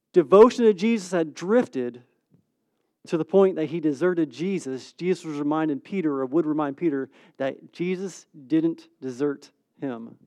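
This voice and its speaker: A man, a pastor, preaching a sermon in a casual, conversational way, acting out stories with quick swings between loud and hushed speech. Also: sits high, no echo.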